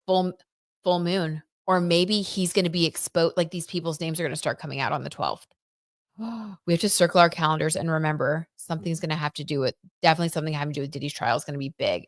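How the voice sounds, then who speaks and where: A woman hosting a live tarot reading stream, talking casually and excitedly, gasping and reading viewer comments aloud. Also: sits low, fast, no room sound, studio quality. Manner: chatty and excitable, reads viewer comments aloud, gasps and many "like"s.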